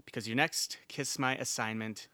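A man's voice: mid-range voice, fairly even intonation, normal speed, bright, forceful tone. A man co-hosting a casual podcast, rambling and laughing often, with an easy, profane way of talking. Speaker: podcast co-host.

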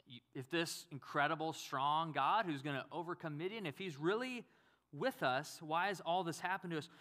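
A man's voice: a little high, moderate pace, sharp tone. A male pastor giving a conversational sermon, acting out quotes and asking the audience questions.

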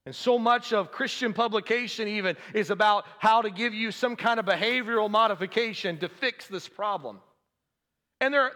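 A man's voice: sits high, bright, forceful tone. Man preaching in a reverberant hall. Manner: preaching, rising to fervent emphasis. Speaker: pastor. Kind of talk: sermon.

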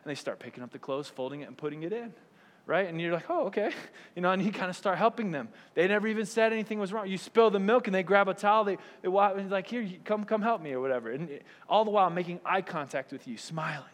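A man's voice: high voice, quick pace. A man preaching a conversational sermon, often asking "right?" and acting out quoted voices. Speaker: pastor. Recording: long hall reverb.

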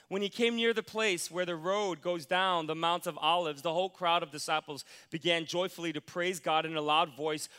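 A middle-aged man preaching a sermon as pastor, animated, moving from quiet, earnest passages to loud, excited ones. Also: fairly high pitch, smooth. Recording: long reverb of a large hall.

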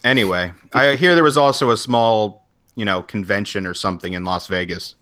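A man in a casual podcast chat, co-hosting with friends. He keeps an easy, unhurried manner and laughs lightly between points. He speaks close to a handheld microphone. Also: on the low side, pushed and bright. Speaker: podcast co-host. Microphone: handheld USB microphone.

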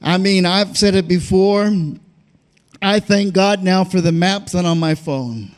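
A male pastor preaching a sermon, often starting lines with "uh" and rising into shouted, sing-song peaks. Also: high voice, unhurried, smooth.

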